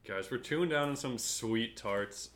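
A man's voice: mid-range voice, measured pace, a bit bright. A young man co-hosting a podcast in a joking, rambling chat, full of "like". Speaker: podcast co-host. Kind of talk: casual chat.

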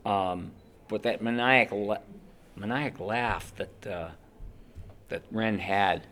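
Casting: lively male voice actor, bright and forward, tells stories with voices. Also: lowish voice, takes it slowly, slight background noise. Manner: animated, acts out voices and screams. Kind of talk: interview storytelling.

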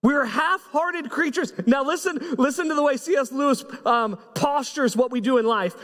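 A man's voice: very high voice, a little slow. Impassioned man preaching in an echoing hall. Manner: impassioned, swings between hushed and excited. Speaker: pastor. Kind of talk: sermon.

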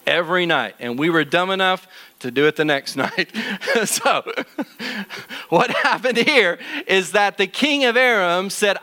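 A middle-aged man teaching in church, telling a Bible story to children in an animated, jokey way. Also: sits high, a little slow.

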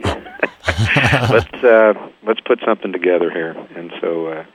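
A man's voice: sits low, slow, breathy edge. An older man from Kansas, a band founder, telling his story in an interview and acting out the voices of the people in it. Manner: lively storyteller, acts out quoted voices. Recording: tinny phone line.

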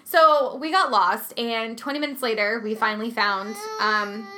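A woman's voice: on the high side, normal speed, bright, forceful tone. A woman in casual chat, telling a story with lots of "like" and acting out what everyone said.

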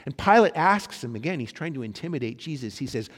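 A male pastor preaching a sermon, swinging between loud emphatic lines and soft hushed ones. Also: mid-range voice, lively intonation, quick pace. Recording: long hall reverb.

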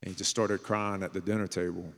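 A man with a low voice preaches a sermon in a church sanctuary. He speaks earnestly and plainly, and at times drops into a hushed, intimate storytelling tone. His words ring out with the long reverb of a large hall. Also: level tone, brisk. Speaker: pastor.

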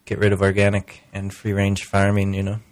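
A man's voice: low-pitched, completely flat delivery, brisk. A man co-hosting a talk radio show, giving casual, laid-back commentary with a slight lisp. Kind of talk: casual studio banter.

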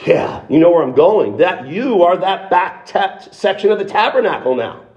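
A man's voice: high voice, expressive, moderate pace, darkish tone, highs cut off. A man in the role of a pastor, delivering a sermon in an emphatic, conversational way, with rhetorical questions and frequent restarts.

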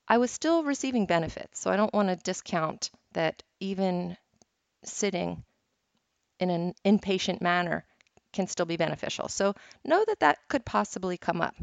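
A woman's voice: on the low side, creaky, dry recording. A woman hosting a meditation podcast, teaching in a casual, chatty way and telling stories with frequent laughs, on a dull, lo-fi recording. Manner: chatty, storytelling, laughs often.

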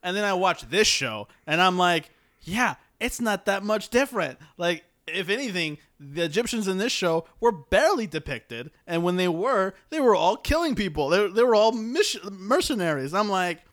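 A man's voice: high voice, lively intonation, normal speed, few pauses, fairly bright tone. A man co-hosting a podcast in casual chat, loose and joking, swearing freely. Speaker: podcast co-host.

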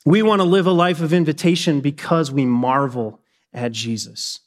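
High-voiced, animated male preacher. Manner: animated preaching with sudden high shouts and quick asides. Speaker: pastor. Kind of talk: sermon.

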